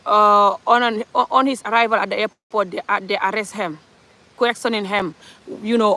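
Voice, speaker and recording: A woman's voice: medium pitch, a bit bright. A woman from Gambia, passionately ranting in an opinionated social commentary monologue, full of rhetorical questions. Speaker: commentary vlogger.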